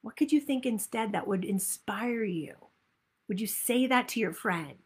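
A woman giving a motivational talk as a weight-loss coach, upbeat and animated, acting out people's inner voices. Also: a little high, unhurried, slightly rough.

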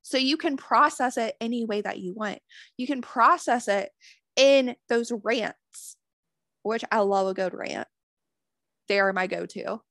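A woman's voice: fairly high pitch, unhurried, creaky, a bit bright, dry recording, studio quality. A woman giving a motivational self-help talk as a spiritual wellness host, earnest, swearing freely and repeating affirmations.

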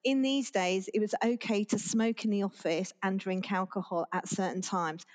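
A woman guest on a podcast, telling a long, rambling anecdote in relaxed conversation, with restarts and laughter. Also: medium pitch, normal speed. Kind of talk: casual interview chat.

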